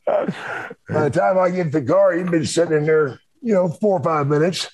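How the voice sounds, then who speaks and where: A man's voice: fairly high pitch, moderate pace, a little mellow, lo-fi sound. An older man, a former wrestler and co-host, telling profane, rambling stories in casual chat. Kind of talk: casual storytelling.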